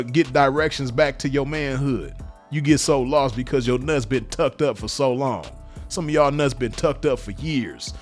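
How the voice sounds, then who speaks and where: A man, speaking in a blunt, profane, repetitive unscripted monologue to camera. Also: mid-range voice. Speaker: vlogger.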